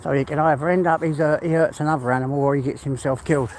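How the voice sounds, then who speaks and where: A middle-aged man with an English accent rambles casually while out on a walk in the countryside, his voice sitting slightly high. Outdoor sounds and passing traffic are clearly audible around him. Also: fairly even intonation, racing, a little mellow. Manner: chatty, rambling, talks to his dog. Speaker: vlogger walking his dog. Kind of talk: casual vlog chat. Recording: clear outdoor background noise.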